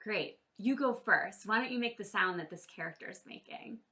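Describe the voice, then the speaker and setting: A woman teaching a children's drama lesson online, cueing exercises with "ready, set, go" and demonstrating high, low and silly voices. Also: moderate pace, pushed and bright.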